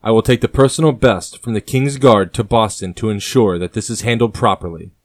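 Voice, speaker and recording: A man's voice: on the low side, fairly quick, darkish tone, natural voice. A man voicing a loyal major-general who speaks steadily and earnestly. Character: loyal male major-general, calm and devoted.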